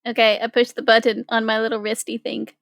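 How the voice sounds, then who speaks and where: Female player, higher-pitched, lively and indignant. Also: fast, gravelly, no echo, clean studio sound. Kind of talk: playing a tabletop game.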